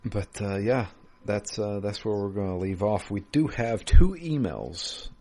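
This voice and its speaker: A man co-hosting a casual gaming podcast over a remote call, relaxed and quick to chuckle, often restarting his sentences. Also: fairly low pitch. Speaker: podcast co-host. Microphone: remote call mic.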